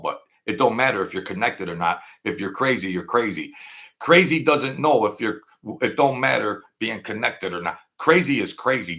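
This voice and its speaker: Speaking on the low side with a fairly bright tone, this Brooklyn man rambles through a casual storytelling monologue as host. He repeats phrases and acts out the lines people said.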